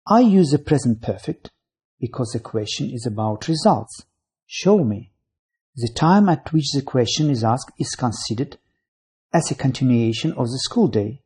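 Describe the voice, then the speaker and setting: A voice narrating a scripted English grammar lesson, reading out rules, lists of signal words and example sentences in a measured way. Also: mid-range voice, mellow, husky.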